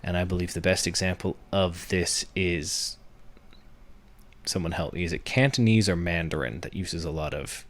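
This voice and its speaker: A man's voice: sits low, normal speed. A young man hosting a podcast, explaining a workshop step by step in a teacherly way, building each point from worked examples. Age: young adult. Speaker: podcast host.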